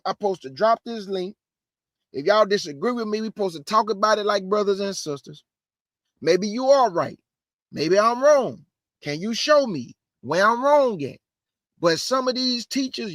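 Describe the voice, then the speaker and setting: Fast and emphatic, an online Bible teacher preaches on a livestream in a conversational style, repeating phrases for effect. His voice sits high for a man with a fairly bright tone, and the recording is dry and close-miked.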